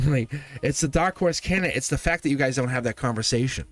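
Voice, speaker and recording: A man's voice: mid-range voice, brisk, faint music behind. A man hosting a live tarot reading stream, chatting casually with viewers, laughing often and repeating himself as he talks. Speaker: tarot reader, livestream host.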